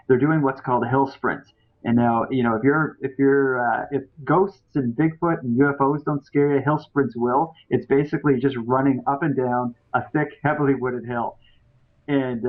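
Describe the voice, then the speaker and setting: A man hosting a podcast, telling a story in a loose, chatty way with many fillers and restarts. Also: mid-range voice. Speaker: podcast host. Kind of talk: casual storytelling. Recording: tinny phone-like audio.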